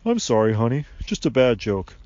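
A man voicing a gruff but friendly male tree spirit who talks loudly and playfully, in a dry, muffled recording. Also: mid-range voice, very animated, moderate pace, dry recording, close to an everyday voice. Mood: booming.

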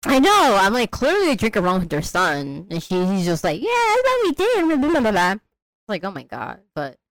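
A young woman co-hosting a casual movie chat, animated and profane, acting out characters as she quotes them. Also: fairly low pitch, moderate pace, dry recording. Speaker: podcast co-host.

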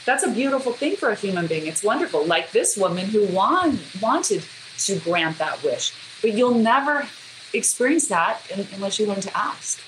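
A woman's voice: mid-range voice, animated, moderate pace, a bit bright. A woman interviewed as a guest author, telling earnest stories in casual conversation. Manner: earnest storytelling, acts out quoted speech. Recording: echoey room with background noise.

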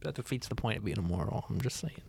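A young man hosting a casual podcast game night, chatty and relaxed, in a loose conversational way. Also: fairly low pitch, fast, gravelly, slightly rough. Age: young adult. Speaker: podcast host running a movie game. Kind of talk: casual chat.

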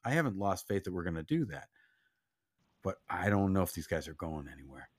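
A man co-hosting a casual sports podcast, speaking earnestly and reflectively, sometimes dropping to a quiet voice. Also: sits low, big pitch swings, fairly quick, husky. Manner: earnest, reflective, drops to a soft, quiet voice when doubtful. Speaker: podcast co-host.

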